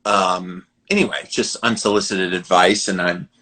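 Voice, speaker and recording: A man with a Southern American accent hosting a podcast interview, giving earnest, animated advice. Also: deep voice, moderate pace. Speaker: podcast host. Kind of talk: conversational interview.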